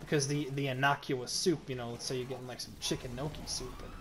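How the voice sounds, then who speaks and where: A man's voice: mid-range voice, fairly even intonation, fast, crowd noise. A man riffing in casual comedic banter, rambling and profane, spinning absurd hypotheticals.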